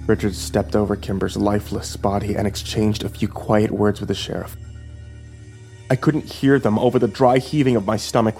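A man narrating a first-person horror story in a quiet, subdued reading voice. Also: on the low side.

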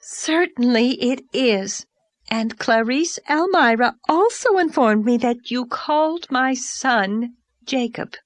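A woman voicing a pompous, overdressed middle-aged society lady, speaking in an affected, haughty, drawn-out way. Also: sits high, expressive, dry recording, voice pushed up. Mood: indignant.

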